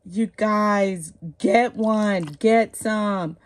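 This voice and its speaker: Lady chatting slow and gushy at home, keeps saying oh my goodness, water drips in background. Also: mid-range voice. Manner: gushing, cooing over dolls, keeps repeating "oh my goodness". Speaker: reborn doll collector vlogger. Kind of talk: casual vlog chat. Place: home, bathing dolls.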